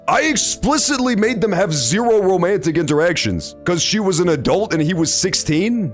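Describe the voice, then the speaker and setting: A young man streaming a game, reacting loudly and swearing often in casual commentary. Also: high voice, moderate pace, hardly any pauses, soft background music. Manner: animated, reactive, swears often, loud outbursts. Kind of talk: let's play commentary.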